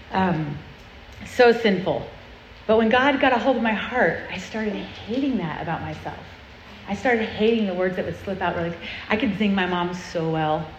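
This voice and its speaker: A woman's voice: mid-range voice, a bit bright, a little hiss or hum. A woman delivers an earnest, confessional sermon to a group of girls, keeping it conversational with frequent check-ins to her listeners. Her voice carries through a roomy hall, slightly muffled, with faint ambience behind her. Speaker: speaker at a girls' church event.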